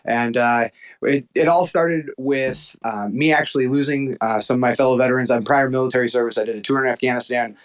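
A man who promotes wrestling shows, calling in as a guest on a podcast. He talks in an upbeat, energetic way, jokes about himself and is a little out of breath. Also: mid-range voice, brisk, low-quality recording. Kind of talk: phone-in interview. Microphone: phone call-in.

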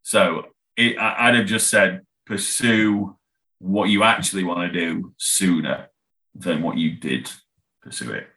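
A man's voice: low voice, unhurried, sharp tone. A young man, a band member chatting as a podcast guest, rambling, laughing and swearing freely. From England. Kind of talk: casual podcast chat.

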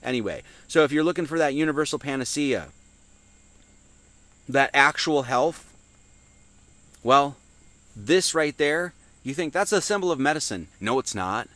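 A man with a slightly high voice teaches scripture in a loose, conversational way. He keeps posing questions and answering them himself, and he lifts his voice when he reads verses aloud. The recording is dry and close, with no room echo. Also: expressive, unhurried, pauses often, fairly bright tone. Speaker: teacher giving a Sunday Bible talk. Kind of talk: informal esoteric Bible teaching.

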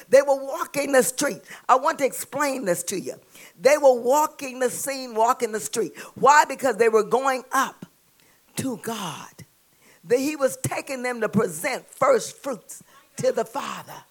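A woman preaching a sermon with a Southern US accent, calling out to the congregation and building to shouts. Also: on the high side, animated, measured pace. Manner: call-and-response preaching, rising to shouts.

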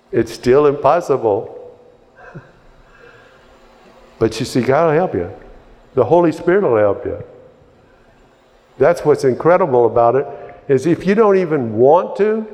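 A man preaching with slow, deliberate delivery and a middle-pitched voice. He is fervent, circling back over his phrases and calling out hallelujah and amen. The sound lingers in a long hall reverb. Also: animated, a little mellow. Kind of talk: sermon.

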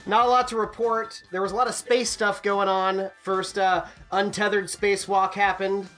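A man's voice: sits high, little pitch movement, moderate pace, sharp tone, soft background music. A man co-hosting a podcast in casual chat, rambling and jokey with lots of fillers. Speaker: podcast co-host.

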